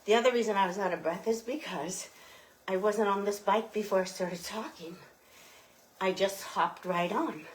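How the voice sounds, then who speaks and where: A woman's voice: mid-range voice, normal speed, slight background noise. Woman instructor on a bike, a bit winded, cheering you through the ride. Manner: encouraging, coaching cues while pedaling. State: slightly out of breath. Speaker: fitness instructor. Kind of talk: guided cycling workout instruction.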